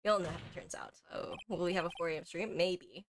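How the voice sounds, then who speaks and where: A woman's voice: fairly low pitch, a little fast, noisy background. A young woman streaming a game while drunk, rambling and swearing freely as she chats and mocks herself. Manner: profane, rambling, self-mocking. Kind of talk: casual game stream chat. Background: game music.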